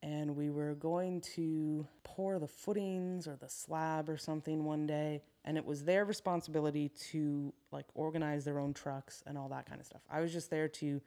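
A woman guest on a podcast, a construction business owner telling a work story in a frank, steady way with quick asides. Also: low voice. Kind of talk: candid conversational storytelling. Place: podcast studio.

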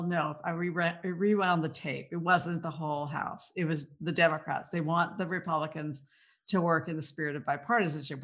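A woman's voice: sits low, a bit bright. Sardonic woman co-hosting political talk. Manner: sardonic, mocking, lists things off. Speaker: podcast co-host. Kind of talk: political talk show chat.

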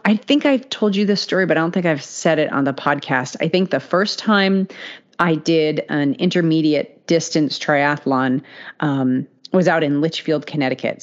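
A woman's voice: low-pitched, muffled recording. A woman co-hosting a podcast, telling a story in casual chat, laughing often and filling gaps with "you know". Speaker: podcast co-host.

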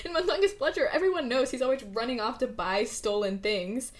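A woman co-hosting a casual book-club podcast, animated and laughing often, full of "like" fillers. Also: fairly high pitch, brisk. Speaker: podcast co-host.

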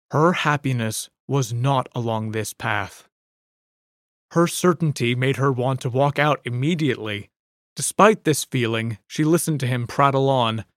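A narrator reading a story aloud in a measured, reflective manner. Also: mid-range voice, dry recording, clean studio sound. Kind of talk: scripted audiobook narration.

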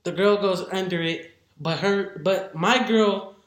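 The reverberant recording captures a woman's unhurried, medium-pitched voice. She's a football head coach and a guest telling lively stories in a casual interview, acting out the lines of others along the way.

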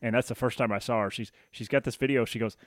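A man's voice: medium pitch, fairly even intonation, quick pace, no room sound, clean studio sound. A man co-hosting a podcast with his wife, chatting in an easygoing way with some hesitant fillers. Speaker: podcast co-host. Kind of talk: casual chat.

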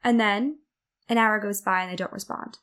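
Steady in tone and fairly bright, this podcast host's mid-range voice moves at a moderate pace. She hosts a self-development show, speaking earnestly and reflectively while voicing the anxious inner thoughts from her examples.

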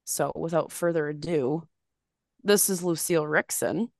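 A woman co-hosting a casual podcast, chatting and storytelling in an animated way, swearing freely and acting out quotes in a higher voice. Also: a little slow, no room sound, clean studio sound. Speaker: podcast co-host.

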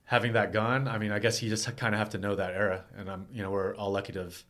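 Easygoing low-voiced man telling stories. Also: flat delivery, fast talker, fairly bright tone. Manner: loose and rambling, heavy on filler words. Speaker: skateboarder guest. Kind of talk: casual storytelling chat.

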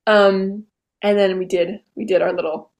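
A young woman in her late teens, a podcast guest, retelling events in a bubbly, animated way with lots of "I was like.". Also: mid-range voice, moderate pace, dull audio. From Vermont. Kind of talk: casual interview storytelling.

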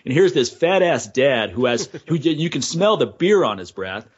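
Husky male podcast host, lo-fi. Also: mid-range voice, big pitch swings, normal speed. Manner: storytelling, blunt, laughs between points. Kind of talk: casual podcast chat. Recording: dull lo-fi audio.

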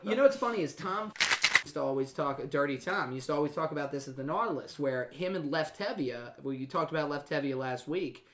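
A man's voice: fairly high pitch, lively intonation, brisk, fairly bright tone. A man hosting a casual podcast, joking and teasing as he tells stories. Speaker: podcast host.

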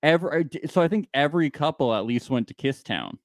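Brief: male podcast co-host, lively swinging delivery, dry close sound, casual and profane. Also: fairly high pitch, fast talker, no echo. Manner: animated, swears, acts out his reactions. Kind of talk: casual chat about reality TV.

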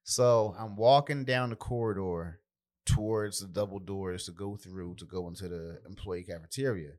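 A man's voice: deep voice, moderate pace, darkish tone. A man co-hosting a podcast in a laid-back, easygoing manner, telling a story from his work. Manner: laid-back, easygoing, chimes in with short replies. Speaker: podcast co-host. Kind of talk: casual chat.

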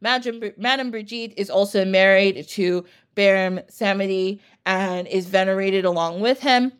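A woman's voice: mid-range voice, moderate pace, clear, resonant tone. A woman hosting a podcast, chatting casually and enthusiastically with many tangents. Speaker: podcast host.

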